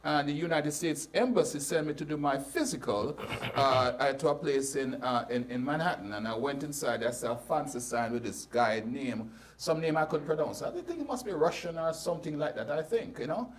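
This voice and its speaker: A man's voice: on the high side, normal speed. A man with a Jamaican accent hosting a casual panel talk, telling stories with lots of restarts. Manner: animated storyteller, lots of restarts. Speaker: host. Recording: voice a bit far from the mic.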